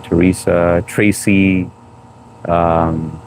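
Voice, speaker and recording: A low-pitched man chats loosely on a live stream, greeting viewers by name. His tone is playful and teasing, and a faint background hum sits under the voice. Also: little pitch movement, very slow, a little mellow. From United States. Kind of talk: casual live-stream chat reading comments. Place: home room, New York.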